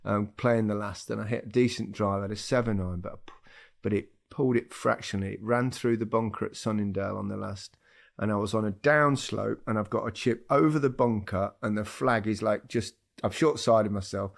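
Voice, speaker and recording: An older man co-hosting a casual football chat, telling lively stories and laughing often. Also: fairly low pitch, a little fast, vocal fry. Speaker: podcast co-host.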